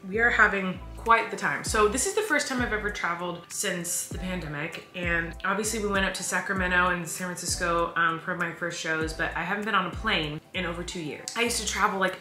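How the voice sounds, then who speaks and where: A woman in her thirties talking fast and rambling in a casual vlog, stressed and overwhelmed. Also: lowish voice, sharp tone, roomy sound. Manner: rapid, chatty and rambling. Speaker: vlogger. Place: hotel room.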